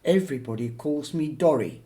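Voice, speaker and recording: A man's voice: a little high, animated, moderate pace, dark tone, close to an everyday voice. A man voicing a genteel middle-aged woman who speaks with an old-film manner, sweetly condescending as if to a child. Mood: sweetly patronizing.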